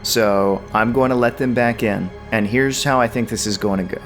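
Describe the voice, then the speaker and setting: A man voicing a calm, reassuring male defense lawyer who coaches his client in a measured, steady way. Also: mid-range voice, faint music behind, close to an everyday voice.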